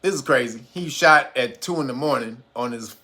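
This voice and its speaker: A woman's voice: rumbling low, normal speed, pushed and bright. A woman talking straight to her viewers in a loose, chatty commentary, telling stories in frank, profane everyday speech. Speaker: commentary vlogger. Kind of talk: casual commentary.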